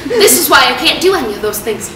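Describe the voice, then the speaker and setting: A woman's voice: high-pitched, sing-song, fast, a crowd in the background. A seventeen-year-old girl performing a one-woman comedy show, ranting in an exasperated, self-mocking way. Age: teens. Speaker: solo stage performer. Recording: echoey hall from far off, loud noise.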